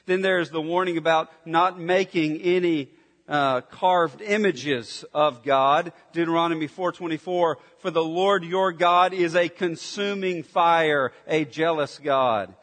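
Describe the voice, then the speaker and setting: A man preaching a sermon, emphatic, dropping to intense near-whispers and rising to forceful declarations. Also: on the high side, unhurried. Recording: long hall reverb.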